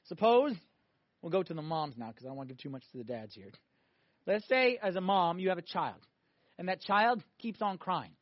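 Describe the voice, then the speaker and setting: Male priest, high voice, animated sermon, dull dry lo-fi recording. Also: moderate pace, dry recording. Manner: animated preaching, swinging between loud emphatic peaks and quiet asides.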